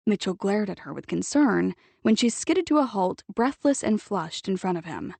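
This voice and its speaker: A woman reading a novel aloud as audiobook narrator in a measured, even storytelling manner on a close mic. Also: medium pitch, vocal fry, dry recording. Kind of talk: scripted narration.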